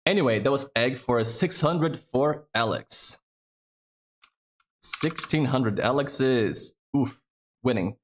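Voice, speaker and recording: Male host, casual stream chat, swears easily, average pitch. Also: lively intonation, takes it slowly. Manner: chatty, swears freely, thinks aloud. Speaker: streamer hosting a trivia game.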